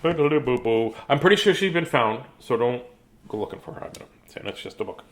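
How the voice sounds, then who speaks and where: A man in his fifties reads a children's book aloud in a loose, chatty way. He wanders off into jokes and asides as he goes. His pitch rises and falls a lot, keeping him lively. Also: fairly quick, slight background noise. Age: 50s. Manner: chatty, jokey, digressive. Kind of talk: casual live read-aloud.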